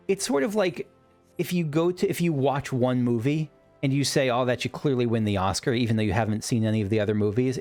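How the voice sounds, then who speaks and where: A man's voice: mid-range voice, a little mellow. A man casually commenting as he plays a video game, enthusiastic and rambling, often breaking off mid-sentence. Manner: enthusiastic, rambling, self-interrupting. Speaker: let's play host.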